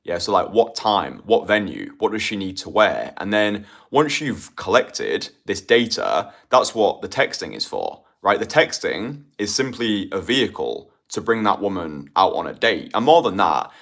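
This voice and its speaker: A British man talks like a dating coach on a live stream, pressing each point with emphasis and checking in with a quick "right?". His voice sits a little low for a man. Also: big pitch swings, a bit bright. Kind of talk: motivational monologue on a stream.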